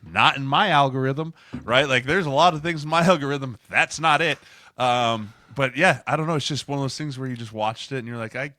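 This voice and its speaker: Casting: man, thirties, bright forceful voice, easygoing chatter. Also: medium pitch, brisk, no room sound, studio quality. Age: 30s. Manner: laughs often, relaxed. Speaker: podcast co-host, former NFL lineman. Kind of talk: casual chat.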